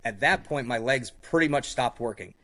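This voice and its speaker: At normal speed and a middling pitch, a man recounts a survival story as a guest in a podcast interview, loose and animated. He keeps dropping "like" and "you know" and slips into other people's voices when quoting them.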